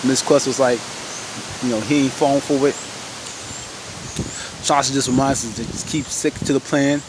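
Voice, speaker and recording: A man casually recapping a TV episode, animated, exclaiming and laughing as he retells the scenes. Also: mid-range voice, normal speed, noisy background. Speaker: TV episode reviewer.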